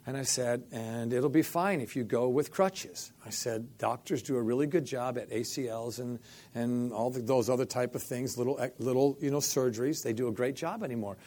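Middle-aged man, storyteller, acts out every line of dialogue, mid-pitched voice. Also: normal speed. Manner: animated storyteller, acts out quoted dialogue, repeats "I said". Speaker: faith healing minister telling a story. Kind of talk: storytelling interview.

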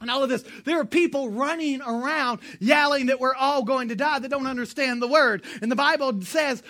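High, bright-voiced woman preacher. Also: normal speed, hardly any pauses. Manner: lively, emphatic, joking asides, bursts of shouting. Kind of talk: sermon.

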